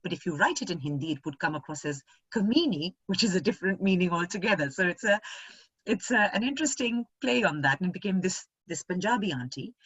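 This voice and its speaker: A middle-aged woman from India, chatting as a guest in an expressive, animated way over a video call. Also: low voice, husky, dry recording. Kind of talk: casual conversation.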